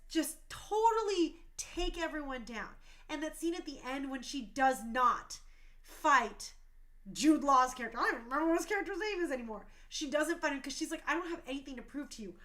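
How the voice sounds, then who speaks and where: A woman's voice: high voice, fairly bright tone. A woman in her thirties hosting a talk show stream, speaking passionately and emotionally, tearful at times.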